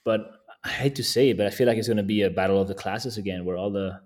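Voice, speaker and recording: Laid-back man with a low voice. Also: fast talker, darkish tone. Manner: easygoing, chuckles often between thoughts. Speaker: guest landscape photographer. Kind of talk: casual podcast conversation.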